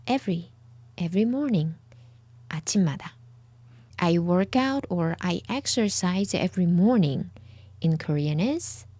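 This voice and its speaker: This woman has a lowish, dark-toned voice, captured in a dry, close-up recording. She's a Korean teacher giving a slow lesson, patiently repeating each word several times for the viewer.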